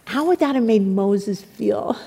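A woman preaching a sermon, reading scripture dramatically and emphatically, with sudden hushed drops. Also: medium pitch, measured pace, vocal fry, slightly rough. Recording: long hall reverb.

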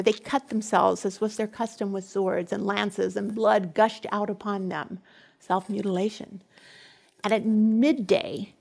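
A woman's voice: mid-range voice, vocal fry, husky. Woman preacher retelling scripture dramatically. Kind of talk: sermon with scripture reading.

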